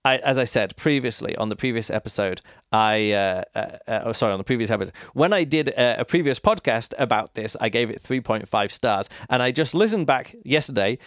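Clear-voiced man rambling through a review. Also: mid-range voice, lively intonation, brisk, fairly bright tone, no room sound, clean studio sound. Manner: rambling, thinking aloud with many fillers. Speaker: podcast host reviewing books. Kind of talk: casual spoken book review.

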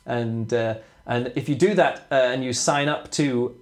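A man's voice: medium pitch, measured pace. A man hosting a casual book podcast, talking in a rambling way with frequent restarts and trailing sentences. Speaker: podcast host reviewing books. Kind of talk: casual chat.

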